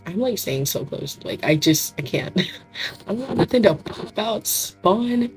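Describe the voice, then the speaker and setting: A young woman streams a horror game with let's play commentary, her scratchy voice at medium pitch, animated but unhurried. The gamer keeps up jokey, self-deprecating remarks and giggly asides while faint music plays.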